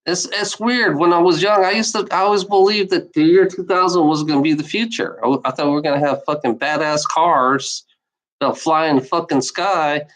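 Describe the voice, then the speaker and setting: A woman's voice: deep voice, moderate pace, low-quality recording. A woman talking in a casual, rambling monologue. She repeats herself, swears freely and keeps adding "you know". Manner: profane and exasperated. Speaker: speaker sharing opinions.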